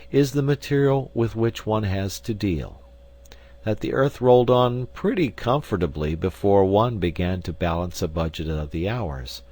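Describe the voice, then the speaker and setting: A man reading an essay aloud as an audiobook narrator, in a measured, formal manner. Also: low voice, a little mellow, breathy edge, rough recording. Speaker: audiobook reader.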